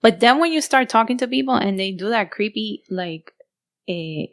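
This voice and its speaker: Woman, podcast co-host, casual chat, animated storytelling, mixes in Spanish. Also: mid-range voice, moderate pace. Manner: animated, code-switching into Spanish, laughing while telling a story.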